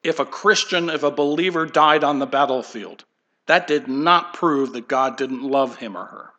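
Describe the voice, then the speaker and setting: Bright-voiced man preaching with emphasis. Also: mid-range voice, moderate pace, highs cut off. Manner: emphatic preaching, rhetorical questions. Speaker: pastor. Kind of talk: sermon.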